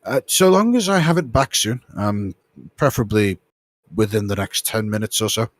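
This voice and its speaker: A man's voice: fairly low pitch, moderate pace, lightly acted. A man voicing a weary, exasperated, bookish male engineer who talks in a hesitant, polite way and sighs often. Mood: hurried.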